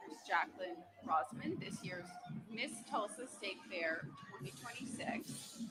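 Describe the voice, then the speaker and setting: A woman commentates a holiday parade live from outdoors, reading out each group with friendly asides. Her pitch moves in an animated way. Marching band music is heard behind her. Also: measured pace, rough recording. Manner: reading announcer script with asides.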